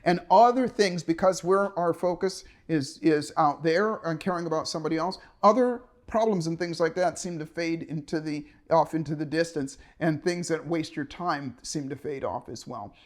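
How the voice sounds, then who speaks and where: A man's voice: on the high side, normal speed, few pauses. A man giving an earnest motivational talk to the camera, often restarting and repeating his phrases. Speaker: motivational speaker.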